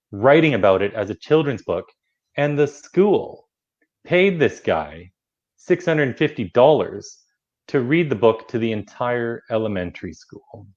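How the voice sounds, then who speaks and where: A man guest earnestly explaining and telling a story on a talk show. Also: medium pitch. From Canada. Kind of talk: casual talk-show chat. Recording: dull lo-fi remote audio.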